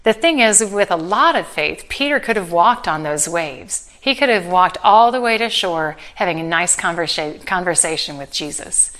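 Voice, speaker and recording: Earnest woman preaching a lively sermon. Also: fairly low pitch, moderate pace, few pauses. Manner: earnest, animated storytelling with gentle humor.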